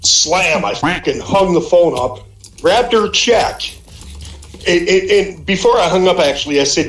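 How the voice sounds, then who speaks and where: A middle-aged man, a guest on a voice call, tells heated stories casually and swears a lot. His voice is on the high side and fairly bright, with lively intonation and an unhurried pace. The recording has a roomy echo and faint music behind it.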